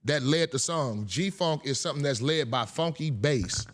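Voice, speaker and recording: A man in casual podcast conversation, talking in an animated way and repeating himself for emphasis. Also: normal speed. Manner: animated, repeats himself, imitates bass sounds.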